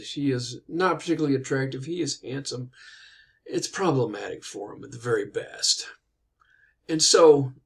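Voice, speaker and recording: A man casually retelling an old tale, conversational, with fillers and asides. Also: mid-range voice. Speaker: storyteller.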